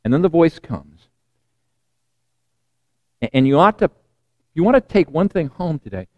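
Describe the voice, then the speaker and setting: A man giving a sermon in a loose, conversational way, often restarting phrases and dropping to a hushed tone. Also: fairly high pitch, sing-song, measured pace, muffled recording. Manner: conversational and digressive, many repeated starts. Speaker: preacher.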